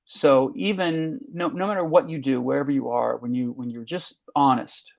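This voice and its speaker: Gravelly older man, halting speech. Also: mid-range voice, fairly even intonation. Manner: halting, restarts often, measured. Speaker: teacher and guest. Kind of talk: conversational interview.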